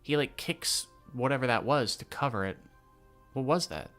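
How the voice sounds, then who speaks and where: A man's voice: mid-range voice, moderate pace, fairly bright tone, soft background music. A young man casually reading and reacting to a manga, swearing and laughing in slang.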